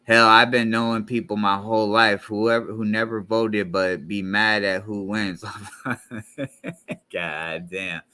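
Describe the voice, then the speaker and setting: A man hosting a casual reaction stream, rambling and halting between clips, swearing freely. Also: on the low side, flat delivery, bright, forceful tone, clean tone. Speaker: commentary channel host.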